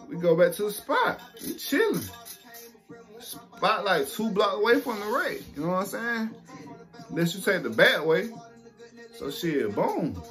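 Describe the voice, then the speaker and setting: A young man telling a casual story to camera, animated and profane, acting out what people said. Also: high voice. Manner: animated, profane, acts out quotes.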